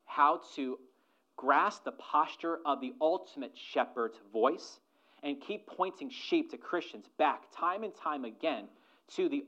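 Bright-voiced male pastor preaching with swings in volume. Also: a little high, lo-fi sound. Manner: animated preaching, swings between soft asides and loud emphatic lines; asks the congregation rhetorical questions. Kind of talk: sermon.

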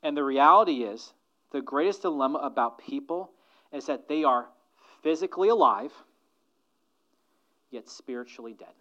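A male pastor delivering a sermon at a mid-range pitch. He hits his key lines loud and hard, then drops to a hushed near-whisper. He slows right down to stress a point, and the recording sounds dull and muffled.

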